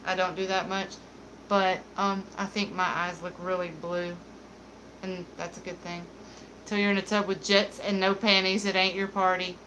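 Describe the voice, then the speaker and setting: A woman's voice: mid-range voice, level tone, normal speed, a bit bright, slight background noise, rough recording. A young adult woman hosting a beauty livestream, chatting casually with viewers in a giggly, candid, joking way. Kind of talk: casual livestream chat, reading viewer comments.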